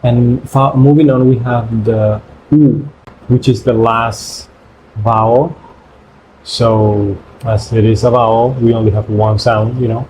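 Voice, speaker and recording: A man whose first language is Spanish, teaching pronunciation in English by repeating syllables in slow drills. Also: medium pitch, fairly even intonation, noisy background. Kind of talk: pronunciation lesson.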